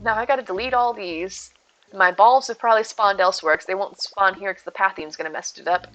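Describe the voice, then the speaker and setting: A woman's voice: mid-range voice, fairly quick, fairly bright tone, highs cut off. A woman streaming a game, chatting casually and rambling to her viewers by name. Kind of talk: casual live-stream chat while gaming.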